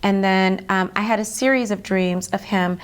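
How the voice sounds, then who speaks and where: A woman's voice: mid-range voice, fairly even intonation, normal speed, clean tone. A woman being interviewed as an author, earnestly retelling a personal story in vivid detail, with many fillers.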